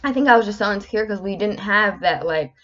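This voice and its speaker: A woman's voice: medium pitch, fast talker. Young woman in her 20s just chatting on her podcast, cusses nonstop, kinda muffled lo-fi audio. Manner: swears constantly, candid and animated. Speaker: podcast host. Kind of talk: casual solo podcast chat. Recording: slightly muffled lo-fi recording.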